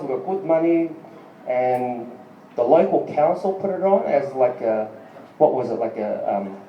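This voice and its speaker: A man's voice: mid-range voice, slight background noise. Rambling profane man on stage. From Australia. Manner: rambling, profane, with many ums and asides to the crowd. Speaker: stand-up comedian and band musician. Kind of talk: stand-up comedy set. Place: small live music venue. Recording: far-off lo-fi recording in an echoey venue.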